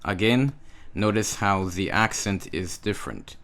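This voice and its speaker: Man teaching a lesson, very slow, patient, low voice. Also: animated, a bit bright. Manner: patient, repeats words for the learner. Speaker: Hebrew teacher. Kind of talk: slow, drilling language lesson.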